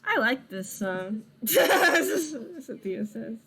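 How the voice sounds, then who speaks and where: A woman chatting casually at a tabletop game, quick to react and laugh. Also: fairly high pitch, big pitch swings, pushed and bright. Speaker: player.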